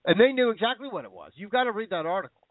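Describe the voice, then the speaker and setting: A racing, very animated, high-pitched male voice comes through a tinny phone-like line with no echo. It belongs to a show host whose ranting commentary drips with sarcasm and indignation and circles back on itself.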